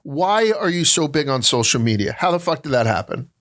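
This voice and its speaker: A man hosting a casual interview. He talks bluntly, swears often and breaks into loud impressions of other people. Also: on the high side, big pitch swings, fairly quick. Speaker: podcast host.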